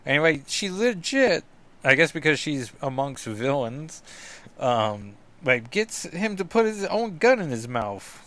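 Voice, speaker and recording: A man's voice: a little high, sing-song, a little slow, fairly bright tone, a little hiss or hum. A man hosting a casual comic book review podcast, rambling and self-deprecating with lots of asides.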